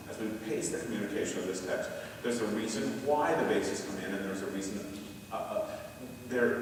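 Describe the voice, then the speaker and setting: A man leading a choral conducting workshop, talking through a score and singing short phrases aloud to demonstrate. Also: on the low side. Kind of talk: conference lecture on score study. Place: large lecture hall. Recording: echoey hall recorded from far off with faint hiss.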